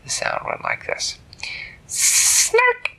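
A man telling a bedtime story to a child in a gentle, animated way. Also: medium pitch, measured pace, creaky, husky, whispered, rough recording.

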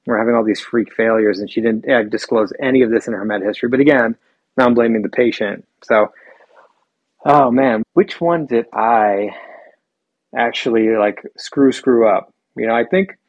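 Relaxed man with a dry close sound. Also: mid-range voice, moderate pace, no room sound, muffled recording. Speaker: surgeon and podcast co-host. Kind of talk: casual podcast chat.

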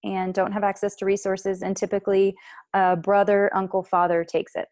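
A woman's voice: mid-range voice, flat delivery, normal speed, darkish tone, no echo, clean studio sound. A woman who leads a nonprofit program, answering interview questions in an earnest, explanatory way with many fillers.

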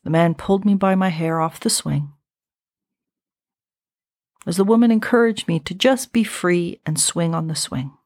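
A woman in her fifties hosting a podcast, telling a personal story in a slow, reflective and intimate way. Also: lowish voice, a little mellow, no room sound, clean studio sound. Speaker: podcast host.

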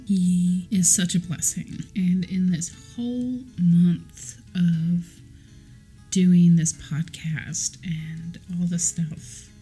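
A woman's voice: on the low side, dark tone, slightly rough. A woman hosting her own podcast, talking casually in a rambling, affectionate way and correcting herself mid-sentence. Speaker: podcast host. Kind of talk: casual solo podcast chat.

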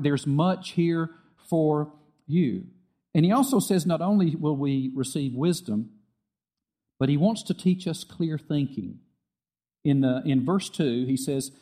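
A middle-aged man preaching a sermon, earnest and repetitive, dropping soft and quiet when he tells a story. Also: fairly high pitch. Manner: earnest, repeats phrases, drops soft for quoted dialogue. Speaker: pastor.

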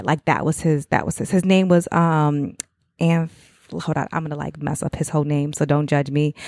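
A woman's voice: sits low, darkish tone, no echo, clean studio sound. A middle-aged woman, a mother, giving a casual motivational talk to other mothers, rambling and conversational and often checking in with the listener.

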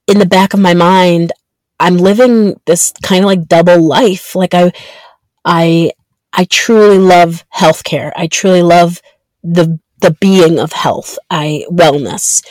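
A woman in her thirties hosting her own podcast, talking earnestly and haltingly with many ums and restarts. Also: on the low side, a little mellow, no echo. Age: 30s. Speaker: podcast host. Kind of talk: reflective solo podcast monologue.

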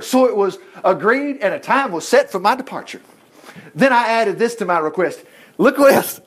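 Animated, high-voiced folksy male preacher. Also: normal speed. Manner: folksy, animated, self-interrupting, acting out scripture dialogue. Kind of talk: conversational sermon.

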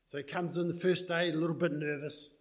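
A man's voice: a little high, steady tone, fairly quick. A man preaching a sermon, telling a story in a loose, conversational way before praying and reading scripture.

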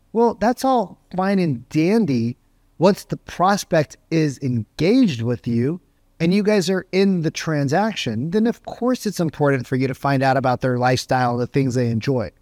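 A middle-aged man with a slightly high voice teaching sales technique with lots of energy. He talks conversationally, tossing in "right?" and jumping into lively play-acted phone calls. The sound is dry and close. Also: no echo. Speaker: sales coach.

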